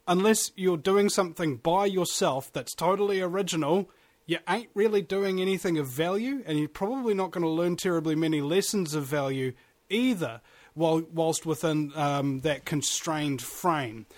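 A man's voice: on the high side, normal speed. A man, a podcast guest who talks at length with strong opinions. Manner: opinionated, ranting, talkative. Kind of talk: casual podcast chat.

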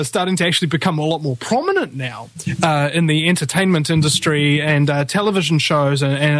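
NZ-male talk host, higher voice, loose and rambling, dry studio sound. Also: no echo. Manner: rambling, chatty, full of fillers and restarts. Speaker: radio talk show host. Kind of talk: casual live radio talk.

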